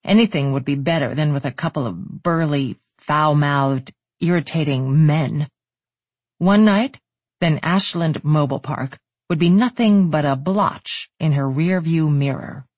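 An audiobook narrator reading a novel in steady, even storytelling. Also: medium pitch, measured pace, few pauses, dry recording.

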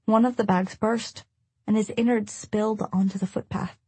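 Audiobook narrator, woman, husky voice, dry close sound, measured storytelling. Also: medium pitch, fairly even intonation, warm tone, no room sound. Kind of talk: first-person audiobook narration.

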